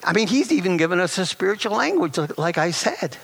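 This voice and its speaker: A man preaching a sermon as pastor, animated and emphatic, with rhetorical questions and chuckles. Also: high voice, brisk, gravelly.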